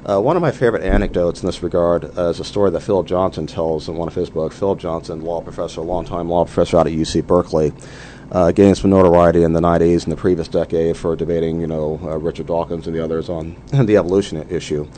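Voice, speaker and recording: Interview guest, a man, very low voice, measured, thinking aloud, faint hiss behind. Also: fairly even intonation, warm tone. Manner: measured, many "you know" fillers. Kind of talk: conversational interview.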